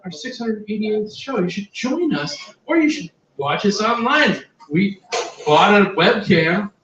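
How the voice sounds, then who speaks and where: A man hosting a live comedy show, wry and deadpan, then shouting to hype the crowd. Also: high voice, unhurried. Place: basement bar stage. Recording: roomy, distant, dull, crowd noise.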